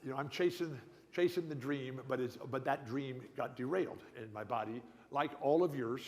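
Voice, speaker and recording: A man's voice: medium pitch, moderate pace, slight background noise. Older man with a stutter, echoing hall. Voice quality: lifelong stutterer. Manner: emphatic, folksy, jumps between tangents. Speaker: guest speaker at an awards dinner. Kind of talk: rambling storytelling speech. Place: banquet hall at a club dinner.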